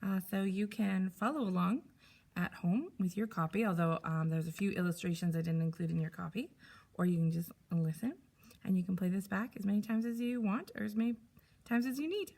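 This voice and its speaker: A teacher reading a picture book aloud to young pupils, expressive and animated. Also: female voice, medium pitch, fairly quick.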